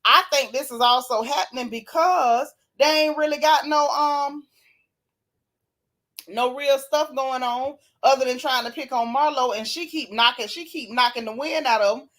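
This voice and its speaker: A woman hosting a casual live-stream recap, reading viewer comments and talking with sassy, animated flair, often yawning and laughing. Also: high-pitched, moderate pace. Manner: sassy, animated, Southern Black vernacular gossip. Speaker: reality TV recap host reading live chat.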